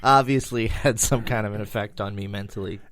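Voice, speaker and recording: A man's voice: fairly low pitch, brisk, a bit bright. A man co-hosting a casual podcast chat, playful and jokey, slipping into impressions and silly accents between stories. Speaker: podcast co-host.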